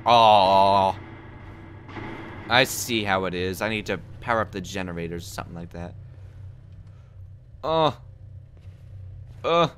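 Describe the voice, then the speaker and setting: Male horror gamer, slow jokey muttering, bright tone, panics loud when scared. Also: fairly low pitch, a little hiss or hum. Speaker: let's play gamer. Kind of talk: horror game commentary.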